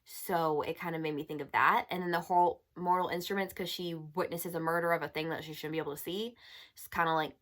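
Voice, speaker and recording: Young woman reviewing a book, kinda low voice, chatty and fed up, lots of likes and ums. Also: steady tone, brisk, a bit bright. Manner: chatty, exasperated, many fillers. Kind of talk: casual chat.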